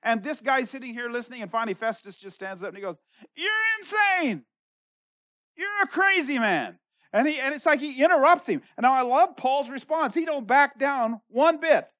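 A pastor delivers an expository sermon, reading scripture aloud and unpacking it in everyday, conversational language while voicing the quoted figures with dramatic leaps in pitch and volume. He moves briskly with few pauses. The recording is dry, dull and lo-fi.

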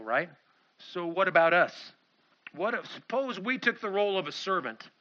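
Lively high-voiced man preaching. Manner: animated, acts out quoted voices. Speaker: pastor. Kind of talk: sermon. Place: church sanctuary. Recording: slightly dull lo-fi sound.

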